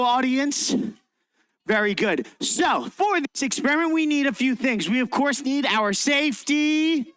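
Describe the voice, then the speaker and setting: High bright-voiced children's science presenter. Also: male voice, clean tone, no room sound. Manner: upbeat, theatrical, directs children. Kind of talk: interactive science demonstration for kids. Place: library event room.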